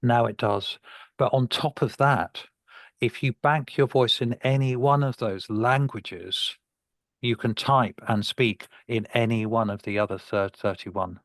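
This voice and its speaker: A man speaks earnestly as a speech therapist in an online webinar, often stumbling and restarting his words. His voice sits at a middling pitch. The sound is dry and close. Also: measured pace, dry recording. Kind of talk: webinar discussion. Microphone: video call.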